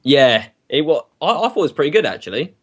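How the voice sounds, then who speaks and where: A man's voice: fairly high pitch, very animated, fast talker. A man hosting a casual podcast, bantering and laughing with friends. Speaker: podcast host. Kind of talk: casual group chat.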